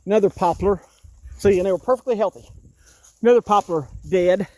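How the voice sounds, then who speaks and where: A man's voice: high voice, a little fast, dark tone. Fiftyish man, exasperated outdoor vlog rant into a phone. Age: 50s. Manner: agitated, exasperated, repeats himself. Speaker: vlogger. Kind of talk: walking-tour vlog rant. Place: outdoors in a wooded yard.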